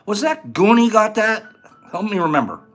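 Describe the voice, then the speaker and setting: A man's voice: high voice, sing-song, moderate pace, a bit bright, soft background music. A man hosting a casual livestream, explaining each step as he goes and reading viewers' answers aloud in a chatty way. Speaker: livestream host. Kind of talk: casual livestream chat and how-to.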